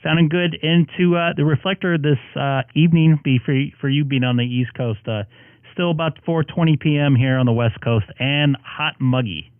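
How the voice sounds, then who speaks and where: A man's voice: a little high, fairly even intonation, normal speed, clear, resonant tone, no room sound. Man on a tinny ham radio link. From Southern California. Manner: friendly, reads out call signs. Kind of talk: on-air radio check-in chat. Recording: narrow radio transmission.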